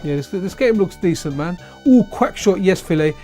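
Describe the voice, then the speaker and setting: A tired, yawning streamer plays retro console games live, chatting loosely, rambling and repeating himself in casual commentary. His voice sits high and sounds warm and animated at normal speed, with soft background music.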